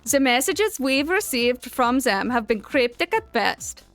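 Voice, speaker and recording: A woman's voice: high voice, big pitch swings, a little slow, fairly bright tone, soft background music, exaggerated voice. A woman voicing an official who gives a grave, formal briefing in a put-on accent.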